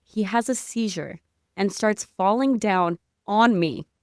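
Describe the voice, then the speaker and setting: A woman guest on a podcast, telling a story in excitable casual chat with lots of "like" and spiritual talk. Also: mid-range voice, slow pace, no room sound, clean studio sound.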